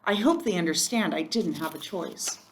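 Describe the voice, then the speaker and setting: A woman reading a first-person children's chapter book aloud in a gentle storytelling manner. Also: on the low side, animated, moderate pace, a little hiss or hum. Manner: gentle, storytelling, occasional slips. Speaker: reader.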